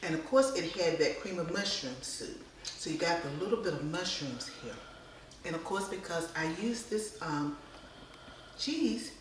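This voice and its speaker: Cast: woman, cooking host, lowish voice, humming and half whispering, recorded off-mic in a booming room. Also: far from the mic, slight background noise. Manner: drifts into whispering, savoring hums. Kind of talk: casual cooking demo, tasting on camera. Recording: echoey room, voice away from mic.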